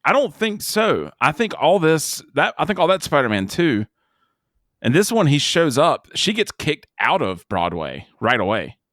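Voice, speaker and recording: A man co-hosting a casual movie review podcast, rambling and animated, breaking into mocking impressions. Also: a little high, normal speed, no room sound, clean studio sound. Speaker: podcast co-host.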